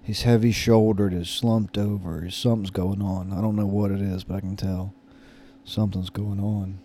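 A man's voice: lowish voice, flat delivery, moderate pace, dark tone, a little hiss or hum. A man in his thirties casually telling a story, rambling and hesitant with many fillers and restarts. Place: lives in Florida.

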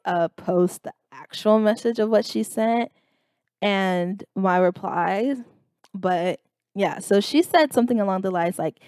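Young woman, casual vlog, animated, exasperated, filler words, dry room. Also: mid-range voice, dry recording. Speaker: vlogger.

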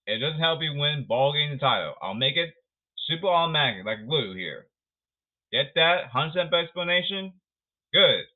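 A man's voice: a little high, lively intonation, normal speed. A man giving a sarcastic, ranting talk about baseball, emphatic and blunt. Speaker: baseball commentator. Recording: tinny phone-like audio.

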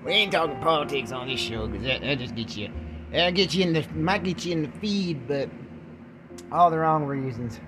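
A man's voice: on the high side, expressive, normal speed, over music, rough recording. Rambling joking man on his podcast. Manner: joking, self-mocking, jumps into put-on voices. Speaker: podcast host. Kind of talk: rambling casual monologue.

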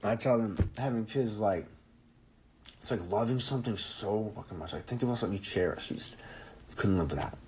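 A young man in his twenties hosts a solo podcast with a very low, deep voice. He rambles, jokes and swears freely. A faint hum sits behind his voice. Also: fairly quick, darkish tone, poor audio. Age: 20s. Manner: profane, rambling, jokey. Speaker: podcast host. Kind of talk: casual solo podcast monologue.

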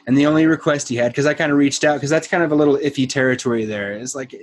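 A man hosting a podcast, easygoing and quick to laugh in casual chat. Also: mid-range voice. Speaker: podcast host.

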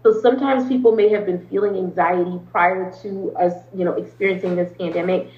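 This interview guest is a woman therapist whose voice sits on the low side, with fairly even intonation and a slightly quick pace. Her conversational talk is earnest and lengthy, frequently broken by ums and restarts. The sound is roomy and a bit dull.

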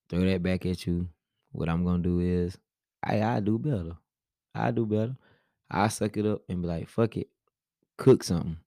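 A man's voice: low-pitched, dark tone, dry recording, studio quality. A man talking with his wife in a casual couple's chat, blunt and laid-back, pushing back on her points. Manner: blunt, laid-back, argumentative, says "bro" often. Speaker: husband in a couple's vlog.

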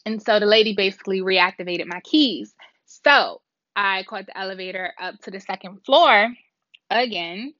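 Rambling and animated, a woman vlogger shares a story with her audience and performs the dialogue herself. Her voice is mid-range, and the recording is dry, dull, and lo-fi.

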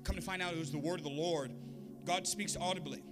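A man's voice: fairly high pitch, fairly even intonation, quick pace, loud music behind the voice. A man preaching a sermon as a pastor, telling a story with humor and acting out the voices of the people in it.

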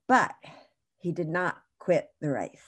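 A woman's voice: on the low side, expressive, slow pace, a bit bright, husky. A woman guest in an interview, telling a long story in a chatty, digressive way and correcting herself as she goes.

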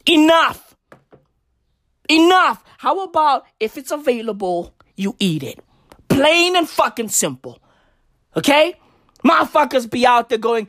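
A woman's voice: high voice, big pitch swings, a little slow, no room sound, clean studio sound. A woman doing a brash, profane comic rant and mocking other people's voices. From South Africa. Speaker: comedian.

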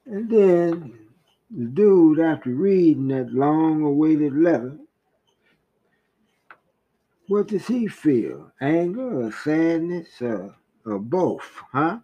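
A man in a slow, reflective monologue who poses rhetorical questions. His voice sits at a middle pitch. The recording sounds dull and lo-fi. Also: animated. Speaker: podcast host.

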